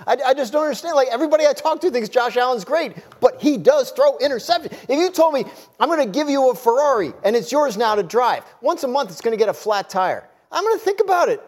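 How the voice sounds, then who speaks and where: A man's voice: very high-pitched, lively intonation, fast. A man analyst on a sports show making wry, offhand remarks.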